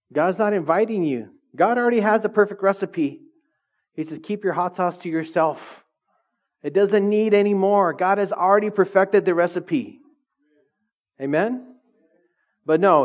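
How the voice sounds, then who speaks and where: A man preaching a conversational sermon, animated and chatty, often laughing and asking the congregation questions. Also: high-pitched, highs cut off. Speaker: pastor.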